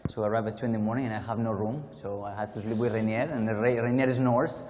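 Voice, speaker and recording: A man's voice: lowish voice, steady tone, quick pace, a little mellow. Spanish guy doing a tech keynote, casual and rambly, lots of restarts, long echo from the hall. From Spain. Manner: chatty, self-deprecating, many restarts. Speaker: conference speaker. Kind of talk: keynote talk. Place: conference hall.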